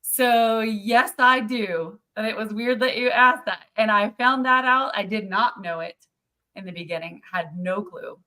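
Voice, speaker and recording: A woman's voice: medium pitch, unhurried, sharp tone. A woman, the guest on a casual live-stream chat, who talks freely, laughs often and acts out the voices she quotes. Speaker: owner of a haunted site, guest.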